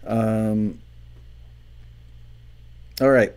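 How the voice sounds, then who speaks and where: A man's voice: medium pitch, takes it slowly, darkish tone. A man hosting a music review show, chatting casually through viewer comments with dry jokes and frequent ums. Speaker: show host reviewing songs.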